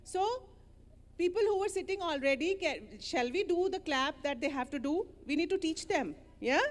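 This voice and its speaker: A woman leading children through an interactive story, animated and coaxing as she gives playful directions. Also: very high-pitched, normal speed, big-room sound.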